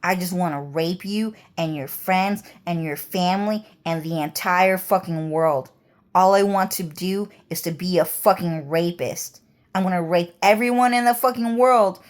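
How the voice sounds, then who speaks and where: A woman's voice: on the low side, normal speed. A woman vlogger talking in a rambling, heated monologue, swearing often.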